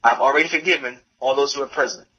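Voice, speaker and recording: A man reads a religious text aloud during a lecture and translates it, his delivery halting as he often repeats phrases and corrects himself. His medium-pitched voice sounds pushed, bright, and husky, and the audio is lo-fi.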